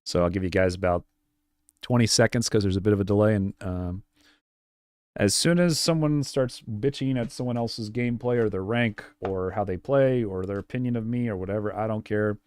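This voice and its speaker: A man's voice: lowish voice, moderate pace, a little mellow, clean tone, no room sound. A man coaching viewers through gameplay on a live stream, direct and repetitive with lots of fillers. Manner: direct, repeats points, many fillers. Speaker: game coach.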